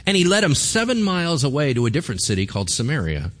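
A man's voice: fairly high pitch, fast. A pastor preaching to a congregation. His voice rises and falls a great deal as he retells an old story, breaking off to quiz his listeners and joke with them. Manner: animated storytelling with asides to the audience. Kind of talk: sermon.

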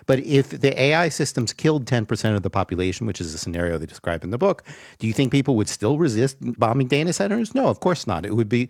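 A man arguing emphatically in a panel discussion, often pausing with ums. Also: medium pitch, big pitch swings, darkish tone, no echo, studio quality. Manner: emphatic, argumentative, with frequent ums. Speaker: guest expert.

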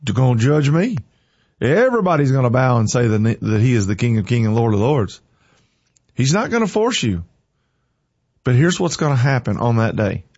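A man's voice: mid-range voice, sing-song, normal speed, long pauses, darkish tone, husky, dry recording, dull audio. A man hosting a morning show, chatting folksy and then preaching with energy. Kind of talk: casual chat turning to preaching.

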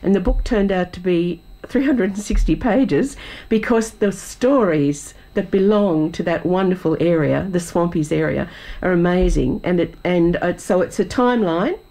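Husky-voiced woman with a cold. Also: fairly low pitch, mellow, rough recording. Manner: storytelling, explanatory. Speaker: author guest. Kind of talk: radio interview.

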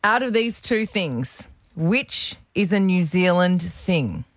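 A woman's voice: on the low side, animated, takes it slowly, dry recording, clean studio sound. Chatty Australian female radio host. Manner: chatty, gushing. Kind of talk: breakfast radio banter with callers.

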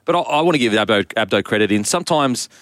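A man's voice: medium pitch, lively intonation, quick pace, a bit bright, no echo. A man co-hosting a casual sports radio chat, joking and stopping to restart his thoughts. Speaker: radio co-host.

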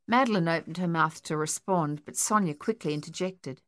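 A woman narrating an audiobook in an even, measured reading. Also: low-pitched, clean tone, dry recording, clean studio sound.

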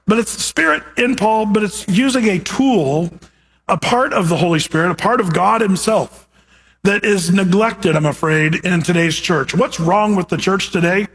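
A man's voice: high-pitched, animated, normal speed, fairly bright tone, husky. A man preaching a sermon as a pastor, teaching in a conversational way with rhetorical questions.

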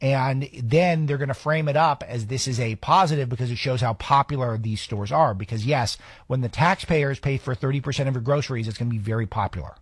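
Male radio host, opinionated and sarcastic, husky tone, dead-dry studio. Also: medium pitch, brisk, few pauses, no echo. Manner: sarcastic, rambling, with restarts. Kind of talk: opinionated political commentary.

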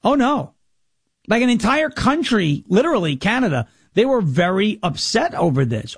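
A man's voice: high voice, big pitch swings, normal speed, breathy edge, dry recording. A man hosting a radio and podcast show, talking casually and sarcastically and mocking his opponents. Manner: mocking, sarcastic, mimics opponents in whiny voices. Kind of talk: casual commentary monologue. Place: Tennessee.

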